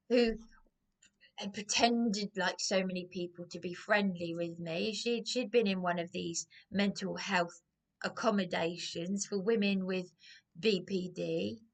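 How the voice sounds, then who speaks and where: A woman ranting about personal grievances in a rambling, agitated way, often repeating herself. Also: mid-range voice. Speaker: vlogger. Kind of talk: aggrieved personal rant to camera.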